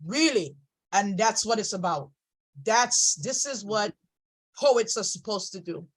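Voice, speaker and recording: A woman's voice: medium pitch, expressive, measured pace, husky, rough recording. A woman hosting an online poetry gathering over a video call, effusive and emotional, with frequent exclamations. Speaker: host of an online poetry event. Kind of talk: casual chat.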